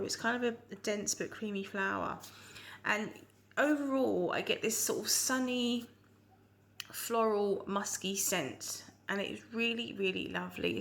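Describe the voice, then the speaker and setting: This woman reviews a perfume in a casual chat with a Surrey English accent, rambling with lots of ums and restarts. Her voice is medium in pitch, creaky and slightly bright.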